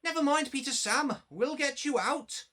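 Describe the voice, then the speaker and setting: A man's voice: extremely high pitch, moderate pace, sharp tone, pitched above the performer's own voice. A man voicing a friendly, helpful little engine in a children's storybook reading, exclaiming and reassuring.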